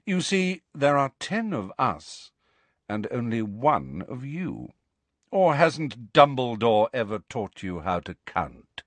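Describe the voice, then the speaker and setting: A man voicing a cold, aristocratic villain who speaks in a slow, drawling, condescending sneer. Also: medium pitch, sing-song, no echo. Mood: mocking.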